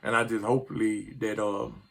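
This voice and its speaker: A man's voice: fairly low pitch, level tone, brisk, gravelly, a bit bright. A middle-aged man, ranting casually about his sports team in a rambling, frustrated way that trips over words. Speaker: sports vlogger.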